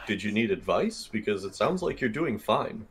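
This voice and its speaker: A man's voice: fairly low pitch, very animated, normal speed, a bit bright, slightly rough. A man voicing his character in a tabletop role-playing game, with dry, questioning replies. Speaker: player.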